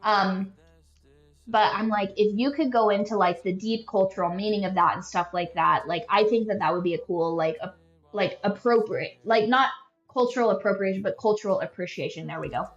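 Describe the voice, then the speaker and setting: A woman's voice: mid-range voice, normal speed, faint music behind. A young woman hosting a podcast, telling stories in a casual, rambling, self-deprecating way and leaning heavily on "like" as a filler. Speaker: podcast host. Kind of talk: casual rambling storytelling chat. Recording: echoey room, dull lo-fi sound.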